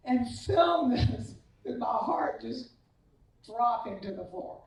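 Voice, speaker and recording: A woman's voice: fairly high pitch, takes it slowly, creaky, pauses often. Woman storytelling in an echoey hall. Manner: animated anecdotal storytelling, self-deprecating. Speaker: hall of fame inductee, tennis coach. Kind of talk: banquet acceptance speech, storytelling. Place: large banquet hall. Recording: echoey hall, voice far from the mic.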